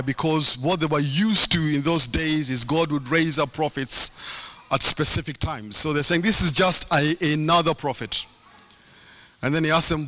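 A man's voice: on the high side, moderate pace, bright, forceful tone. A middle-aged man preaching a sermon, impassioned, with a sing-song cadence and lots of repetition.

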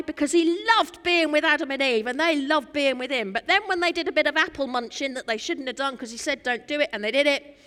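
English lady preaching, high voice, earnest, repeats herself, echoey church. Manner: earnest, rhythmic repetition, shifts loud and soft. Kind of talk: sermon. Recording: long church hall reverb.

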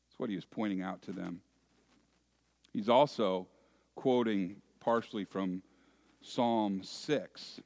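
A man preaching a sermon as pastor, deliberate and asking his congregation rhetorical questions. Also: lowish voice, vocal fry, darkish tone.

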